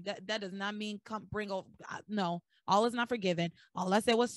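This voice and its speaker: A young woman casually recapping soap opera episodes as a podcast host, acting out the characters' lines in lowered voices. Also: a little fast, hardly any pauses, no echo. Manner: animated storyteller acting out dialogue in lowered voices. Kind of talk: casual chat.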